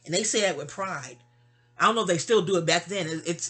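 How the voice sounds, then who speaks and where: A woman's voice: a little fast, fairly bright tone. Rambling storyteller woman from New York. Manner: rambling, with asides and self-corrections; acts out remembered dialogue with raised pitch. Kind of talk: casual personal storytelling.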